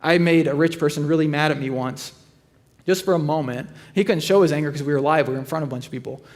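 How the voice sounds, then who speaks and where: Man in his 30s, pastor, sermon, dry humor, higher-pitched voice. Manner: conversational storytelling with dry humor; drops to quiet, slow delivery on serious points.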